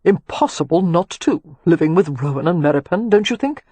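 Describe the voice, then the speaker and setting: A woman narrator voicing a confident, wry young gentleman architect who teases and reflects. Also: a little high, expressive, brisk, husky, no echo.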